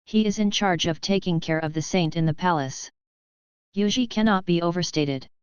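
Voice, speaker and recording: Woman reading an audiobook, low-ish voice, very clear, dry but kinda muffled sound. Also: moderate pace, no room sound. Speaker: audiobook narrator. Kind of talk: scripted audiobook narration.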